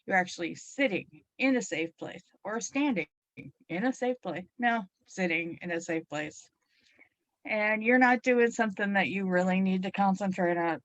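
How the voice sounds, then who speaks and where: A middle-aged woman hosting a hypnotherapy talk radio show, bubbly and playful, her voice a little froggy and hoarse, leading listeners through relaxation. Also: mid-range voice, normal speed, dry recording.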